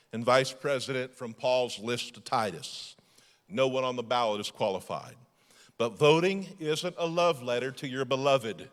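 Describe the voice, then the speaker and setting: A male lead pastor preaching a sermon emphatically, moving between loud declarations and hushed passages. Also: medium pitch, long reverb tail. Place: church sanctuary.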